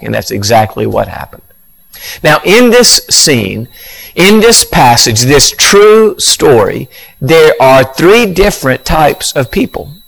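A man preaching a revival sermon, with a voice that sits a little high for a man. He reads a scripture passage, then talks it through in a plain, conversational way, as if speaking straight to the people in the pews. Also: a bit bright, rough recording.

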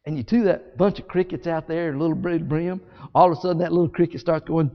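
A man preaching a sermon as a story, animated and folksy, acting out scenes with sound effects. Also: on the high side, fast talker. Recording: echoey hall, dull sound.

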